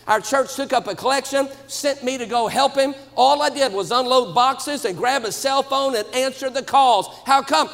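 Shouting high-voiced preacher in a reverberant church. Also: male voice, normal speed, hardly any pauses. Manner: emphatic, swings to shouts. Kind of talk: sermon. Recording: long reverb of a church hall.

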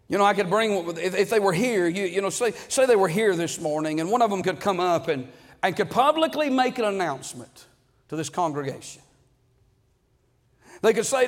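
A man's voice: sits high, lively intonation, a little fast. A middle-aged man preaching a sermon to a congregation, repeating words and calling out amen. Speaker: pastor. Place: church sanctuary. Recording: long echo of a large hall.

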